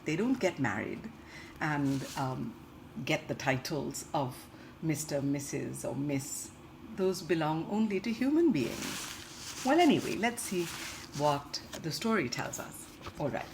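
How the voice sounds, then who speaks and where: Woman teacher, gentle questioning read-aloud for young kids, low voice, very lively pitch, unhurried pace, faint room noise. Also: vocal fry. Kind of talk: reading aloud and explaining a story to children.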